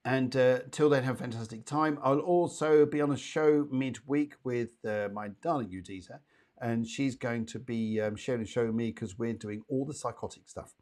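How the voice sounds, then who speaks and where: A middle-aged man hosting a live psychic show. He talks in a chatty, rambling way, full of playful asides, as he relays messages to viewers. His voice has an ordinary middle pitch. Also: moderate pace, a little mellow. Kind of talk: live-streamed psychic readings.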